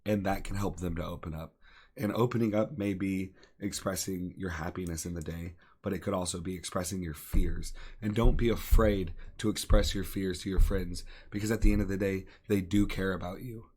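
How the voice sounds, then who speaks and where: Earnest low-voiced man giving advice. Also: fairly even intonation, normal speed, darkish tone, slightly rough. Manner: earnest, encouraging, repeats phrases for emphasis. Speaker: podcast co-host. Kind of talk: earnest casual talk.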